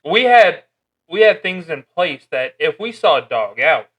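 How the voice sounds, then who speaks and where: A man's voice: on the high side, big pitch swings, measured pace, fairly bright tone, low-quality recording. A man co-hosting a casual podcast, talking earnestly from his own work experience. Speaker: podcast co-host. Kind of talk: casual chat.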